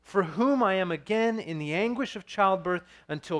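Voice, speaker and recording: A man's voice: high voice, animated, normal speed, hardly any pauses, fairly bright tone. A man in his thirties preaching a sermon as pastor, earnest and storytelling, with frequent restarts.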